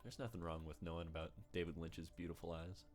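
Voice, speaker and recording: A man with a somewhat low, easygoing voice talks loosely as he plays on stream. He laughs often and keeps the chat light. Faint game music plays underneath. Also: quick pace. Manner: relaxed, chatty, laughs often.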